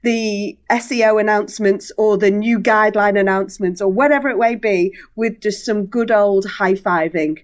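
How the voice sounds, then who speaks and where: A woman guest in a relaxed interview, speaking in excited bursts that stop and restart. She leaps up in pitch when she quotes others, and her voice sits in a middling register. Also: normal speed, hardly any pauses. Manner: animated, jumps in pitch when quoting people; talks in bursts with many restarts. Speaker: podcast guest, awards organiser. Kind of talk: casual interview chat.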